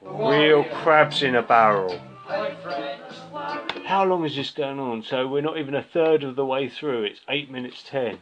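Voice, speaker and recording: In a lo-fi recording, a music reviewer rants about a record with anger, profanity and sarcasm while it plays faintly behind him. He speaks unhurriedly in a medium-pitched, slightly bright voice.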